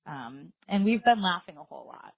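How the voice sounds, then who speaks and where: A woman's voice: on the low side, animated, brisk, creaky, husky, low-quality recording. A woman co-hosting a podcast in casual chat, laughing often and talking with lots of fillers. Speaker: podcast co-host.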